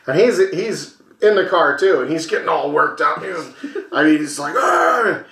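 A man with a slightly high voice spins a rowdy road-trip tale for his co-host, swearing freely and mimicking each character. The talk is loose and conversational. His voice rings around a reflective room. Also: normal speed, roomy sound, slight background noise. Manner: animated storyteller, acts out voices, swears freely. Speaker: podcast co-host. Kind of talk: casual storytelling over a beer.

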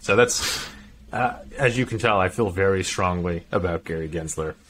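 A man's voice: low voice, moderate pace, a bit bright, slight background noise. A man co-hosting a podcast in casual chat, talking with strong opinions and laughing often. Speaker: podcast co-host.

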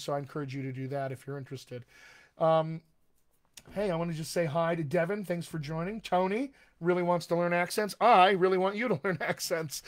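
A man working as a dialect coach, giving a live-streamed talk in an upbeat, conversational way and speaking straight to his viewers. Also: fairly high pitch.

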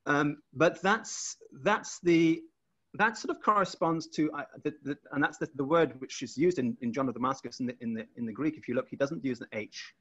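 A man's voice: fairly high pitch, moderate pace, fairly bright tone, breathy edge, muffled recording. A man presenting his research over a video call, explaining step by step with frequent restarts.

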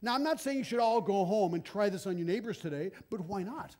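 High-voiced animated preaching man. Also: brisk. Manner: animated, acts out confrontations with sudden loud bursts and quiet asides. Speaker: guest preacher, missionary. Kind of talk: sermon. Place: church.

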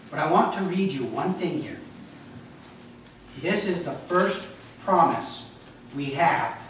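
A man giving a sermon as pastor, animated and joking in a conversational way. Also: medium pitch, slight background noise. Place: church sanctuary. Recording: echoey church hall from a distance.

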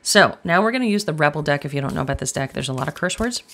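A woman's voice: sits low, lively intonation, very fast, fairly bright tone. A woman giving a casual tarot reading, chatty and blunt, swearing freely as she talks straight to viewers. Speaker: tarot reader.

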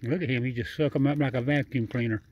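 The recording is dry and muffled; the man speaks fast in a mid-range voice with fairly even intonation. As a vlogger feeding a wild raccoon at night outdoors, he rambles in a chatty, repetitive way, coaxing and laughing, with nonstandard speech.

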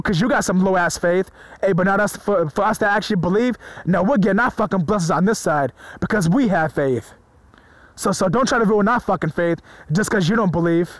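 A man preaching to his viewers in an excited, informal way, often stumbling over his words and swearing freely. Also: high-pitched, no room sound, low-quality recording. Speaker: religious video preacher. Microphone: phone or screen recorder mic.

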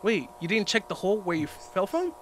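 A man hosting a reaction video, excitable and exclaiming a lot as he watches, wearing headphones. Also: sits high, fairly quick, a little hiss or hum. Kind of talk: reaction commentary. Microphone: headphones on while reacting.

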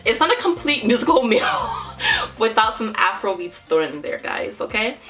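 A woman's voice: on the high side, big pitch swings, normal speed, fairly bright tone. A young woman from Nigeria hosting a casual reaction video, exclaiming and laughing often. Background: faint music from the video.

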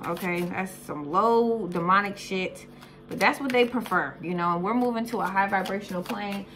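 A woman's voice: mid-range voice, fairly bright tone. Blunt, profane woman reading tarot cards. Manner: blunt, profane, repeats "okay?" and "Scorpio". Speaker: tarot reader.

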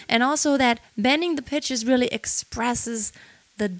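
A woman's voice: a little high, measured pace, over music. A young woman teaching singing technique in a lesson, explaining points and singing short phrases to demonstrate them. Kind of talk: vocal lesson with sung demonstrations.

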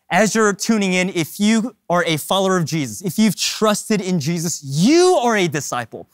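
Male pastor, sermon, animated and joking, pitch swinging widely, dry close sound. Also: dry recording. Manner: animated, humorous, emphatic.

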